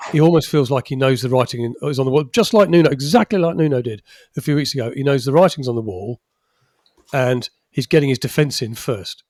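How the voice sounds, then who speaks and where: A man's voice: medium pitch, a little mellow, no room sound, studio quality. A man co-hosting a football podcast in casual chat, chatty and often laughing through his sentences. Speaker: podcast co-host.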